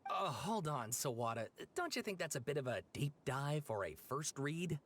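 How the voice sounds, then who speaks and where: A hesitant, awkward young scholar. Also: male voice, on the high side, sing-song, normal speed, a bit bright. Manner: hesitant, with frequent "uh"s. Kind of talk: video game dialogue. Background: game music.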